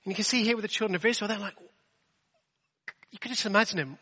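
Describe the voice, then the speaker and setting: Chatty preacher in a reverberant hall. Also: male voice, high-pitched, fast talker, long pauses, pushed and bright, breathy edge. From England. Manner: chatty, self-deprecating, rhetorical questions. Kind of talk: sermon.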